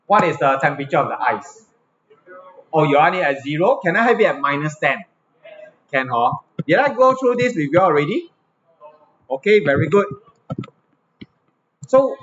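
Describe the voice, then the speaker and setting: A male physics teacher with a Singaporean English accent, his voice sitting a little on the high side, walks a class through the lesson. He keeps checking that the students follow him. The recording is slightly dull and lo-fi, with a faint hum of room ambience behind. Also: fairly bright tone. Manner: checks understanding with frequent tag questions.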